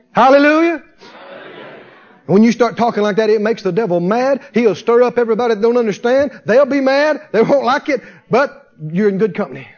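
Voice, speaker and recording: High-voiced man preaching a lively sermon. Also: fast talker, highs cut off. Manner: animated preaching with shouts and call-and-response.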